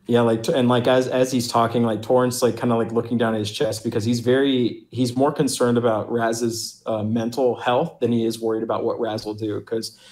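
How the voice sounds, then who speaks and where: A man's voice: mid-range voice, little pitch movement, brisk, few pauses, darkish tone. A man playing a tabletop role-playing game, rambling with fillers and speaking earnestly in character. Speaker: player.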